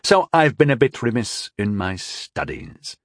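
A man voicing a wary male court wizard in an audiobook, speaking in a measured, restrained and deferential way. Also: medium pitch, animated, dry recording, clean studio sound, natural voice. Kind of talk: audiobook character voice.

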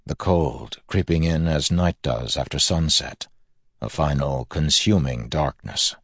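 A man narrating a fantasy audiobook in a measured, grave manner. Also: rumbling low, no echo, clean studio sound.

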